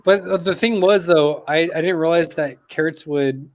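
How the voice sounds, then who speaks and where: An earnest man, a teacher, recounts classroom stories and pushes back against his friends' teasing. His voice sits a little high. The sound is dry. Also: normal speed, no echo. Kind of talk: casual chat.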